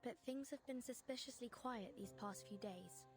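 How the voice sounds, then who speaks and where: A woman plays a composed young woman in a video game, polite and measured. Her voice sits fairly high, and clear music plays underneath. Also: natural voice. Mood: thoughtful.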